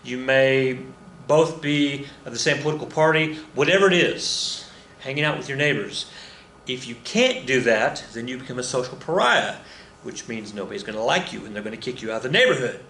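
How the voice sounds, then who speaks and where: A man talks his students through a slide lecture, wandering off track and joking at his own expense between fillers. His voice sits at an average pitch, and the room around him rings with echo. A faint hum of ambient noise stays underneath. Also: lively intonation, a little fast, sharp tone. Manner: rambling, self-deprecating, with many fillers and asides. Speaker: anthropology teacher. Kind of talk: recorded lecture over slides.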